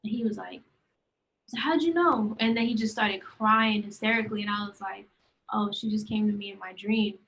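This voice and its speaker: A young woman co-hosts a casual chat, telling stories with animation and acting out the lines people said. Her voice is medium-pitched, fairly quick and creaky, on a low-quality recording.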